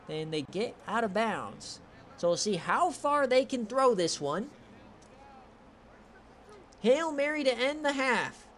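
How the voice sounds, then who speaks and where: A man giving excitable, profane play-by-play of a streamed online football game, his voice strained from shouting. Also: slight background noise. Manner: swings from shouted calls to low, relaxed chatter. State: straining voice, says he is losing it.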